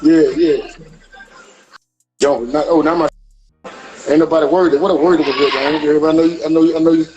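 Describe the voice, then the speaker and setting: A man's voice: a little high, fairly even intonation, fast talker, long pauses, darkish tone, dull audio, faint music behind. A man in casual, rambling banter, repeating himself often. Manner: rambling, repeats "you hear me".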